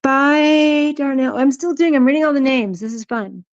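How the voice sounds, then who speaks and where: A woman's voice: sits high, animated, a little fast, darkish tone, no room sound, dull audio. A woman hosting a live stream, chatting casually and teasing people in the chat, her voice worn out. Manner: playful, teasing, reads chat names aloud.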